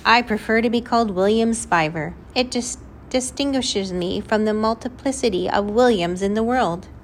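A woman voicing a small anxious boy with a high, thin voice who talks in a fretful, overly formal way. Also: moderate pace, slight background noise, natural voice.

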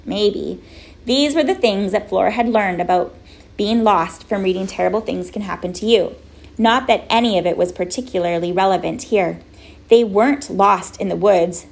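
A woman narrating a children's storybook in a gentle, wry way. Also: mid-range voice, vocal fry. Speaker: audiobook narrator.

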